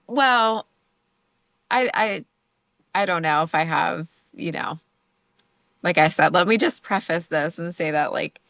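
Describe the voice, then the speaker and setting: A woman's voice: on the low side, unhurried, gravelly, long pauses, fairly bright tone, no room sound. A young adult woman, a podcast guest, talking hesitantly with lots of "like" fillers. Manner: hesitant, filler-heavy talk with many "like"s. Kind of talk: casual podcast conversation.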